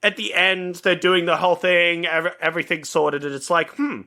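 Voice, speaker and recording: A man's voice: on the high side, steady tone, normal speed, sharp tone. A man co-hosting a podcast, chatting casually and rambling with lots of fillers and swearing. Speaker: podcast co-host. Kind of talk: casual chat reviewing an old film.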